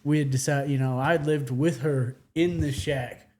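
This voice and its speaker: A man's voice: medium pitch, fairly even intonation, a little mellow. A man from Michigan, a hunting guide, telling stories in a casual interview with frequent laughs and restarts. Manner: halting, laughing, many restarts. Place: a house in the countryside.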